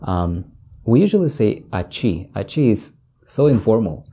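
A man's voice: fairly low pitch, very animated, warm tone, husky. A man from northern Tajikistan with a Tajik accent, patiently teaching words in a casual language lesson and repeating each one. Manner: patient, explains slowly with examples and repeats words.

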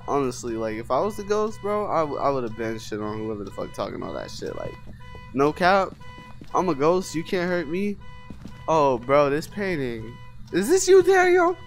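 Young gamer cussing out a ghost, jumpy, pitch all over the place, faint music behind. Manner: taunting, profane, trash-talking the ghost; jumpy, easily startled. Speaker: gamer playing a VR horror game. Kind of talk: let's-play commentary.

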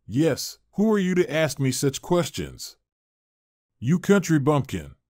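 A man reading the lines of a scheming, bossy older mother-in-law who makes shrill, accusing outbursts. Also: huge pitch swings, takes it slowly, a little mellow, no echo, studio quality, exaggerated voice. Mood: scornful.

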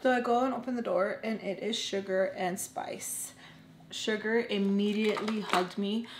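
A woman in her twenties telling a personal story in a casual storytime vlog, earnest and emotional, halting with lots of "like" and restarts. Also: medium pitch, steady tone. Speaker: storytelling vlogger. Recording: roomy room with faint hum.

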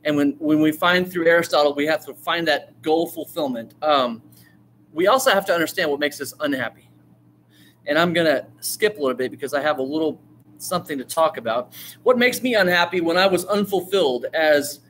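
A man teaches storytelling to a class in an animated, chatty way, acting out quotes and throwing questions to the room. His voice sits a little high. A faint hiss runs under the recording. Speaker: writing teacher. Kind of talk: lively classroom talk on storytelling.

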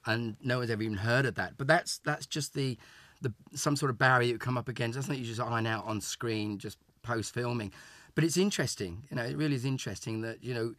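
A man's voice: mid-range voice, quick pace, fairly bright tone, no echo. An older man from England, a guest in a casual interview, reminiscing in a chatty way with many restarts. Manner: chatty, repeats and restarts words. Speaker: interview guest, former child show actor.

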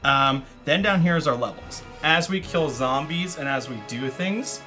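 A man's voice: on the high side, normal speed, sharp tone, faint music behind. A man hosting a casual board game stream, explaining the rules in a rambling, easygoing way. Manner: rambling, restarts often, laughs along.

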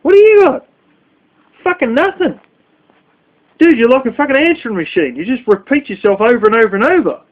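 A man's voice: very high voice, big pitch swings, fast talker. A man vlogging in a scornful, heavily profane rant. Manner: scornful, heavy swearing. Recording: dull lo-fi recording.

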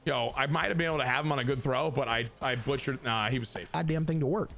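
A young man casually commentating his baseball video game to chat, excitable and crude, swinging between joking rants and hype. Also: mid-range voice, fast talker, creaky, over music. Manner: crude, self-mocking humor.

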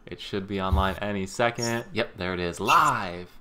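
A man streaming a game, chatting casually with friends and calling out raid phases with joking excitement. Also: low-pitched, brisk, background noise. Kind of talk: casual gaming stream chat.

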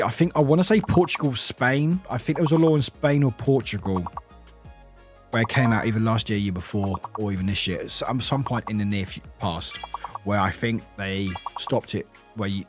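A man streaming a game and chatting casually with his viewers, rambling along, laughing often and swearing freely. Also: mid-range voice. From United Kingdom. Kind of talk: casual chat with viewers while gaming.

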